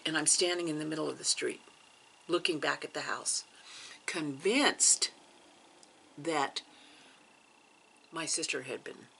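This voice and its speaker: A woman tells a story slowly for her vlog, her low-leaning voice carrying a gravelly edge. Her tone is bright, and she drops into hushed asides for drama. A faint noise hums behind her. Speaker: cross stitch vlogger.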